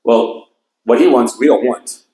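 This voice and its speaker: A man's voice: mid-range voice, a little slow, dark tone. Casting: male rabbi, emphatic storyteller, sermon delivery, roomy recording. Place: event hall with audience.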